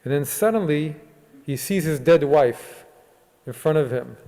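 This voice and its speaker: Rabbi retelling a story in a reverberant hall. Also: male voice, a little high. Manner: retells a story with quoted dialogue, lively and unhurried. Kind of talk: sermon storytelling. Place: synagogue sanctuary.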